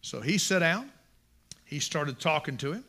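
A man's voice: a little high, animated, a little slow, bright, forceful tone. A man preaching a sermon, impassioned and emphatic, repeating his phrases for emphasis.

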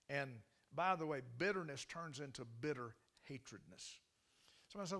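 A man preaching a sermon as pastor, telling a story in a folksy, animated way. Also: on the high side, moderate pace, gravelly.

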